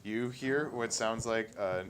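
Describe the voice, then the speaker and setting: A man narrating as game master of a tabletop role-playing game, in a casual, halting way full of fillers. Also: on the low side, slight background noise.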